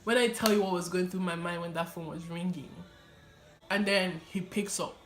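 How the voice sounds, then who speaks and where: A young woman telling her personal testimony in an animated, casual way, often laughing and using fillers. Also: lowish voice, moderate pace. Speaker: vlogger sharing her testimony. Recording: echoey room.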